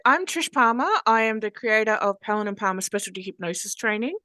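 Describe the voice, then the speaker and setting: A woman's voice: medium pitch, a little fast, no echo. Frank Australian woman telling her story. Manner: frank, earthy, animated retelling. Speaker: guest, hypnosis trainer. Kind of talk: candid personal storytelling.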